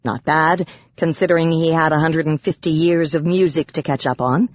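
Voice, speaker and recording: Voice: medium pitch, steady tone, normal speed, dry recording, dull audio. Wry first-person audiobook narrator, dry sound.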